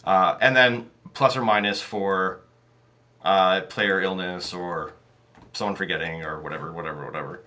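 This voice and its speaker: A man's voice: deep voice, steady tone, moderate pace, sharp tone. A man talking as a podcast guest about running tabletop games, rambling with many fillers and restarts. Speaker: podcast guest, game master. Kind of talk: casual interview chat.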